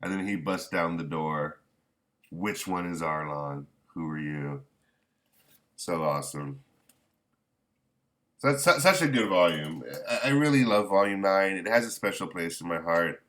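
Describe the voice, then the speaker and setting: A man chatting casually as a manga reviewer, rambling and halting, with candid, mildly profane remarks. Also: low voice, animated, a bit bright. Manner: rambling, halting with many restarts. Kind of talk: casual chat.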